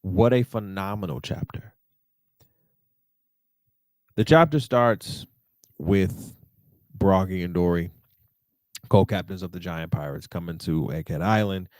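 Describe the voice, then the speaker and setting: A man hosting a podcast, giving an animated, slangy recap of a manga chapter. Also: low voice, unhurried, long pauses, no room sound, clean studio sound. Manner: animated, slangy, repeats "you feel what I'm saying". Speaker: podcast host.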